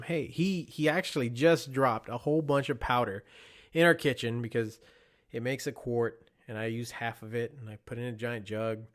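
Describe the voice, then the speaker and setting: A young man hosting a podcast, talking casually on his own in a rambling, storytelling way. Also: medium pitch. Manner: rambling, conversational, with storytelling asides. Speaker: podcast host. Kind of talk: casual solo monologue.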